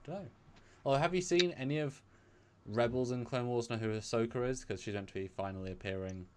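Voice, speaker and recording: A man's voice: mid-range voice, fairly quick, a little mellow, clean tone. A British man co-hosting a casual chat show, rambling with many fillers and restarts. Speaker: podcast co-host.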